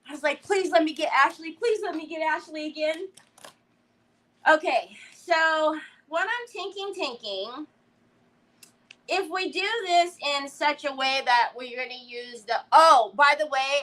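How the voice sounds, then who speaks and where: A woman's voice: high-pitched, pushed and bright, rough recording. A woman hosting a live crafting stream, chatting casually, giggling often and greeting viewers by name. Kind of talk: casual livestream chat while crafting.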